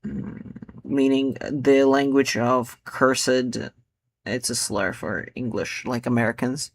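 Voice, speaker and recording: A man chatting loosely about his own poems, rambling with many filler words and often drifting into quiet mutters. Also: medium pitch, steady tone, takes it slowly, no echo. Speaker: poet.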